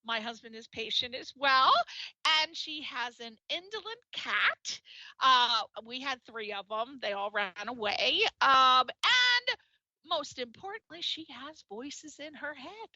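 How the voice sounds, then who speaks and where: A woman's voice: high-pitched, animated, a little slow, highs cut off, background noise. A woman hosting a radio interview, gushing and exclamatory as she introduces and chats with her guest. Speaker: radio show host.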